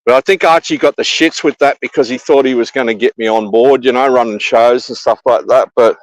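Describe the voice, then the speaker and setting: A rambling Australian man chats casually on a livestream and swears freely. His voice is pitched in the middle range and sounds dry and close, with little room around it. He circles back over the same points again and again. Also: a little fast, no echo, rough recording. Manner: rambling, profane, repeats himself. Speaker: livestream guest. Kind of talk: casual chat.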